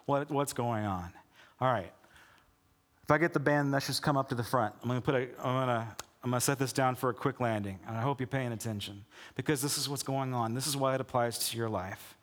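A man's voice: medium pitch, fairly quick, fairly bright tone, big-room sound. A man preaching a sermon as pastor, reading scripture and then pressing urgent questions on his listeners. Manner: emphatic preacher, rising to urgent appeals.

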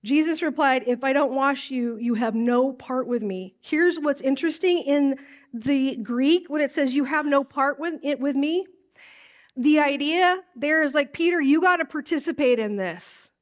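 A woman pastor teaching a sermon from scripture in a casual way, acting out lines in a livelier voice. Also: a little slow. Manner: casual, animated, acts out lines in a high voice.

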